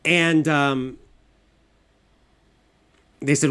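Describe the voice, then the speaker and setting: A man's voice: fairly high pitch, animated, unhurried, a bit bright. A man retelling a story in plain, simple English with repeated phrases.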